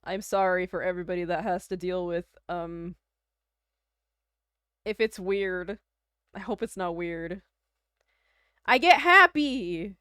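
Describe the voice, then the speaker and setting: Chatty young woman with a smooth voice. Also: fairly low pitch, flat delivery, measured pace, long pauses, dry recording, studio quality. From Canada. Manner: rambling, chatty, filler-heavy, giggly. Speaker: livestreamer. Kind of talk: casual chat.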